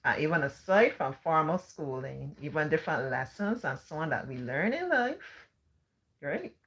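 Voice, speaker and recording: A middle-aged Barbadian woman chats on her livestream, answering viewers' comments as she goes. Her voice sits low but has a bright, forceful edge. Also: very animated, normal speed, breathy edge. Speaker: livestream host. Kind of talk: casual livestream chat.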